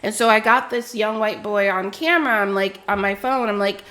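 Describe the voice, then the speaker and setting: A woman's voice: medium pitch, normal speed, a bit bright. Indignant, profane woman telling a story. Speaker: streamer. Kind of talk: casual storytime rant.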